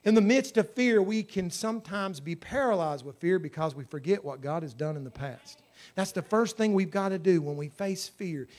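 A man preaching a sermon, moving between loud exclamations and quiet, hushed asides. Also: fairly high pitch. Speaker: pastor.

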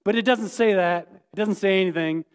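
High-voiced animated preaching man. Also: brisk, clean tone. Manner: animated, playful, quizzes congregation. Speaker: pastor. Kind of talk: sermon. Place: church sanctuary. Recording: echoey hall reverb.

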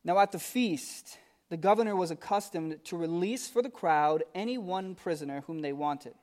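A man's voice: high voice, moderate pace, darkish tone. A man preaching a sermon, reading scripture aloud and then explaining it in a conversational, emphatic way with asides to the congregation. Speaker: pastor.

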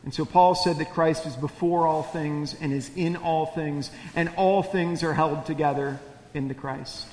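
A man's voice: a little high, steady tone, unhurried, darkish tone, echoey room, long reverb tail. A male pastor preaching a sermon in a conversational way, often putting questions to the congregation.

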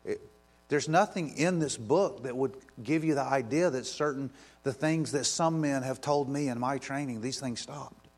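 A man's voice: medium pitch, moderate pace. Impassioned man preaching a sermon. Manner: impassioned, rising to emphatic questions; drops soft when praying aloud. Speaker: pastor.

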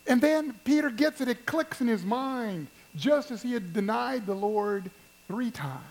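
A pastor preaching a sermon at a church service, telling stories and addressing the congregation with emphasis. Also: male voice, extremely high pitch, lively intonation, unhurried, low-quality recording. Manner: storytelling, emphatic, speaks to the congregation.

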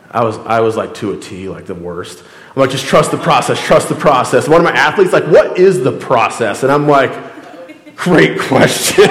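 A man's voice: mid-range voice, reverberant, long reverb tail. A man, a pastor, giving a casual storytelling sermon, chatty and full of acted-out dialogue. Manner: conversational, acts out quoted dialogue, frequent "like".

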